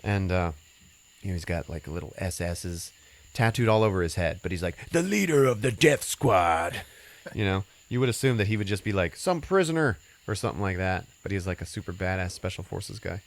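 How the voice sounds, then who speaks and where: A man with a very low voice recaps a movie for a podcast. He talks loosely and casually, with lots of fillers, restarts and swearing. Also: a little fast. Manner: rambling, filler-heavy and profane. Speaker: podcast host recapping a film.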